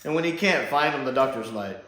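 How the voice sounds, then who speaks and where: A man's voice: mid-range voice, lively intonation, a little fast, fairly bright tone. Guy rambling happily thru a show review, kinda echoey room, mid voice. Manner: rambling, enthusiastic, many fillers and restarts. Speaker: sci-fi reviewer. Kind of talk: casual spoken review. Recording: roomy echo.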